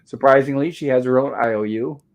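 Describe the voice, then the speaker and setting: A man in his home talks through an old sitcom episode in a relaxed, meandering way. His voice sits at an ordinary middle pitch. He chuckles often and strings thoughts together with "and of course" as he goes. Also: fairly quick. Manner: rambling, chuckling, leans on "and of course". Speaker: host recapping a TV episode. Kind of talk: casual episode review chat.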